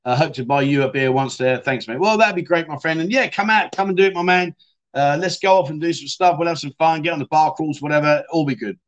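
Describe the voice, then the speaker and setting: A man's voice: fairly high pitch, quick pace, lo-fi sound. Chatty man hosting a livestream. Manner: chatty, jokey, reads out viewer comments. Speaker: livestream host. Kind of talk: casual livestream chat reading comments.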